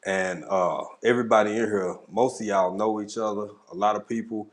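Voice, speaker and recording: Guy chilling on a livestream, shouting out the chat, lowish voice. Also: fairly even intonation, brisk. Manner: greets chat viewers one by one, laid-back. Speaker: livestream host. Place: home at a camera.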